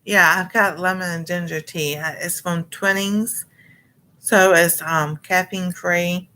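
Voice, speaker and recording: A woman's voice: fairly low pitch, steady tone, slow, pushed and bright, slight background noise. A middle-aged woman chatting casually and rambling to viewers on a cooking livestream, greeting them and laughing often. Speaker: cooking channel host.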